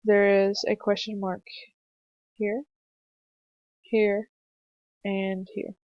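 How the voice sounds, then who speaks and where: A young woman narrating a screencast punctuation lesson for children, explaining slowly and patiently with some fillers. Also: medium pitch, completely flat delivery, no echo. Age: young adult. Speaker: student teacher presenting a lesson. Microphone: computer mic for a screencast. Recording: dry, slightly dull home mic recording.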